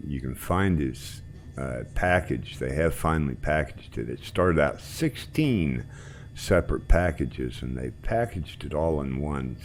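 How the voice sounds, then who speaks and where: A man hosting a flight sim group, chatting in a relaxed, rambling way while he flies. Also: rumbling low, a little slow, a little hiss or hum. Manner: relaxed, rambling, trailing off quietly. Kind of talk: casual chat while flying.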